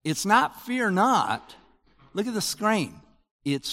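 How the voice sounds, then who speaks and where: An older man giving a sermon as pastor, in a conversational, animated preaching manner with rising emphasis. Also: sits high, takes it slowly, long reverb tail.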